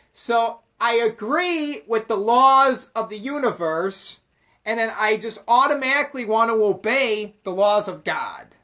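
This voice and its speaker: A man's voice: extremely high pitch, lively intonation, unhurried, pushed and bright. A man explaining mystical ideas in a casual, rambling monologue, swearing constantly and emphatically.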